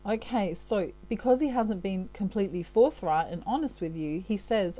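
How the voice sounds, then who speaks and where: A woman's voice: medium pitch, animated, fairly quick, hardly any pauses, warm tone, low-quality recording. A woman giving a channelled tarot reading in a chatty way, often checking in with "okay?" and laughing at herself. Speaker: tarot reader.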